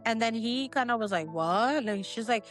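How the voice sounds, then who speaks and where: A woman's voice: a little high, fairly even intonation, a little fast, faint music behind. A woman co-hosting a casual book club podcast, recapping scenes with quoted dialogue and slang. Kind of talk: casual chat, retelling the plot.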